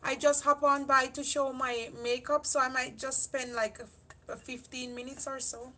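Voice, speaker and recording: A woman's voice: high-pitched, little pitch movement, moderate pace, pushed and bright, slight background noise. A young woman from Jamaica with a Jamaican accent, chatting casually on a makeup livestream and answering viewer comments. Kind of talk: casual live-stream chat.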